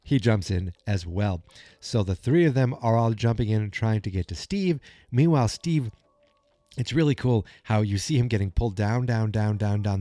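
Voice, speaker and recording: A man hosts a podcast and recaps an episode in a loose, rambling way full of "um" and "like." His voice sits low and mellow. The recording is close and dry. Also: dry recording. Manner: rambling, filler-heavy storytelling. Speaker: podcast host.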